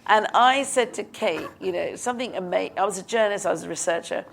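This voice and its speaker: A woman in her fifties from Britain, a film director telling animated anecdotes onstage in a live interview, acting out quotes and laughing. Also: mid-range voice, fast, vocal fry, a little hiss or hum. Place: live stage before an audience.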